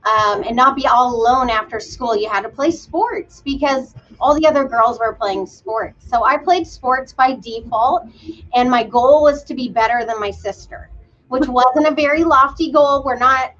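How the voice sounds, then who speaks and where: A woman in her thirties from Maine, talking casually about her life as a fitness coach. She comes across bubbly and self-deprecating, with a fairly high voice. The recording sounds a bit dull and lo-fi. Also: a bit bright. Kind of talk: casual interview chat.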